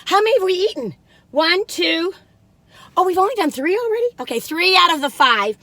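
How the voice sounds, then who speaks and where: A woman's voice: very high-pitched, animated, a little fast, sharp tone, no room sound. A woman in her sixties, chatting casually in a taste-test vlog and giggling and exclaiming over the food. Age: 60s. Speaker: food reviewer.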